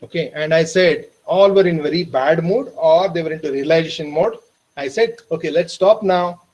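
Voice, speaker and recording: A man with an Indian English accent training teachers, telling a story earnestly and calling listeners "my dear friends", dropping softer for tender moments. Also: a little high, low-quality recording. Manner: slows and softens for emotional moments. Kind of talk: storytelling lecture. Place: online training session.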